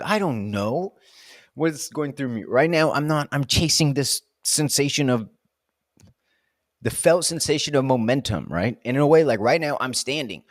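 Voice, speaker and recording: Man, casual vlogger, rambling, self-deprecating, mid-pitched, dry sound. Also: expressive, fairly quick, no echo. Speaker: vlogger answering reflective questions. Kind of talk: casual solo vlog. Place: indoors, standing while filming.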